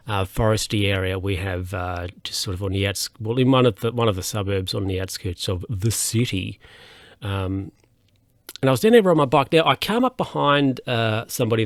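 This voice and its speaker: A man's voice: lowish voice, no echo, studio quality. A man hosting a solo podcast, telling stories in a rambling, hesitant way with lots of fillers and restarts. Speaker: podcast host.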